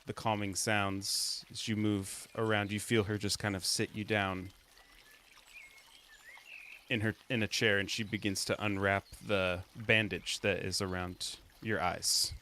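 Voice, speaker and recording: A man narrating as game master in a slow, descriptive, measured way. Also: fairly low pitch, flat delivery, pushed and bright, a little hiss or hum.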